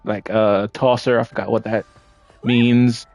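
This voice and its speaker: A man with a New York accent talks over a game he is playing, rambling, losing his thread and swearing as he goes. His voice sits at a middle pitch. Faint music plays under him. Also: flat delivery, unhurried, a little mellow, no room sound. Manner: rambling, self-correcting, profane. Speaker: gaming streamer. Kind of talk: casual gameplay commentary.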